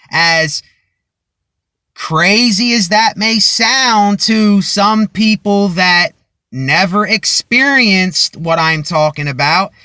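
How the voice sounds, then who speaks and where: A man delivers a motivational vlog monologue into a cheap phone in his car. His voice sits a touch high and sounds bright and forceful, and he projects every word as if addressing a crowd. The sound is dry and close, and his pace is very slow and measured. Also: no echo. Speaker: vlogger. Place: inside a car.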